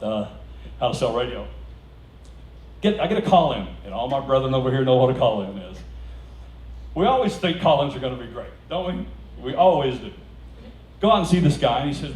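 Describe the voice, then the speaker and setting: A man giving an animated storytelling speech to a live audience at a celebration, laughing through his punchlines. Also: medium pitch, fairly quick. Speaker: speaker at a celebration. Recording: echoey room heard from a distance, faint background noise.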